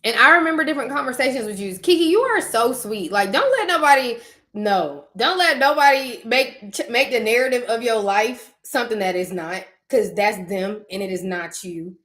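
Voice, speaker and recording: A woman hosting her channel, chatting casually with viewers about spiritual matters. She tells stories in an animated way and acts out her own reactions. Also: on the high side, moderate pace. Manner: uses casual slang, talks directly to listeners. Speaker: channel host talking to viewers.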